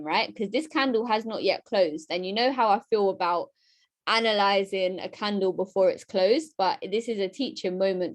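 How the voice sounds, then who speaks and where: A woman giving a live-streamed trading lesson, lively and chatty, talking straight to her viewers and often asking "right?". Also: medium pitch, moderate pace. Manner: talks straight to her chat audience. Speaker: trading educator.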